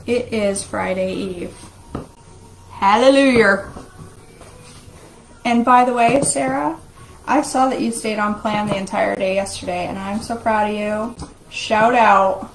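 A middle-aged woman chats and jokes as she cooks. Her pitch sits mid-range for a woman. Clear household noise runs under her voice in the home kitchen. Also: measured pace. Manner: chatty, jokey, talks to viewers while cooking. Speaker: vlog host making a shake. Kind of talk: casual live-stream chat.

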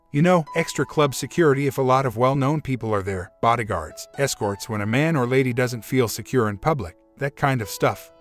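A man reading a relationship story aloud as its narrator, in a steady, measured way. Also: mid-range voice. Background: faint background music.

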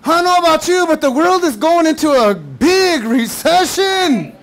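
A male pastor preaching a sermon, animated and casual, with shouted bursts and playful mock voices. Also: very high-pitched, normal speed. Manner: casual slangy talk.

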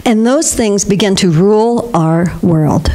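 An older guest speaker talks to a congregation about spiritual matters in an unhurried, mid-range voice. She tells warm stories and laughs often.

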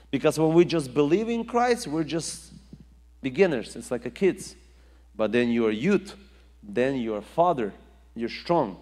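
A man's voice: medium pitch, darkish tone. Man preaching in an echoing hall. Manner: emphatic, rising and falling delivery with repetition. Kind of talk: sermon.

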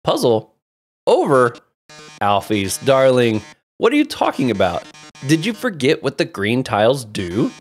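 A man's voice: medium pitch, exaggerated voice. A man voicing a flamboyant male robot TV star, a theatrical villain who melodramatically drawls "darling" at everyone.

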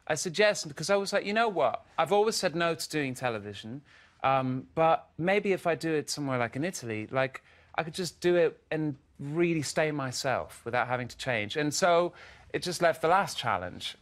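A man in his thirties, a guest singer on a TV chat show, telling stories with lively quotes of himself and others. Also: a little high, moderate pace. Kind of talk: casual chat. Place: TV studio sofa.

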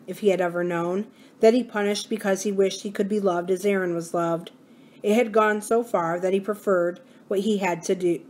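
A woman hosting a library reading series, reading a novel aloud in a steady, measured way. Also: mid-range voice. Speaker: library book-reading host.

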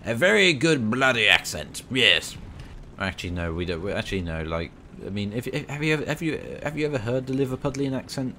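A man's voice: mid-range voice, fast, few pauses, a little hiss or hum. A young British man playing a tank game and talking through it in rambling, cheeky banter. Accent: British English. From Britain. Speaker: gaming channel host.

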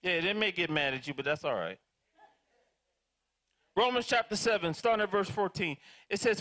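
A man preaching a sermon as pastor, animated and calling out to his congregation for responses. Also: high voice, normal speed, pauses often. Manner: animated, dramatizing prayers in different voices.

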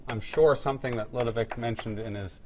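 A man's voice: mid-range voice, a little fast, highs cut off, slight background noise. A man giving a technical physics lecture, explaining step by step with fillers and restarts. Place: lecture room.

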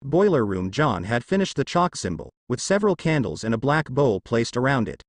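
Man reading fanfiction with lively pitch. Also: moderate pace, no echo. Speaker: story reader. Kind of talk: fanfiction narration.

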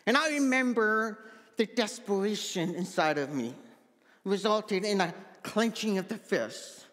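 This Manitoba pastor speaks with the accent of deaf speech, sharing a heartfelt personal testimony from the pulpit of a church sanctuary. He talks a little slowly in a high, expressive, slightly bright voice that echoes as if in a large hall.

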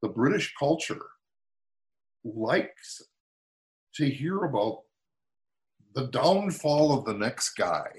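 This American man in his sixties, a motivational speaker, has a mid-range voice, takes things slowly and pauses often. In casual conversation he tells stories with animation, acting out what people said.

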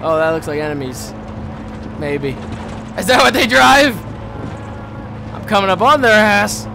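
A young man giving profane let's-play commentary, swinging from low muttering to panicked yelling. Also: normal speed, long pauses, noisy background. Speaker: gaming YouTuber. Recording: game music underneath.

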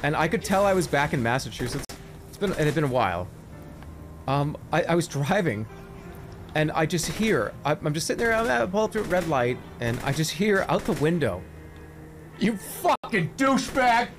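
A man's voice: fairly high pitch, sing-song, fairly quick, over music. A man chatting casually and rambling while streaming a video game. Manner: loose, rambling, many fillers. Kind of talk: casual stream chat over gameplay.

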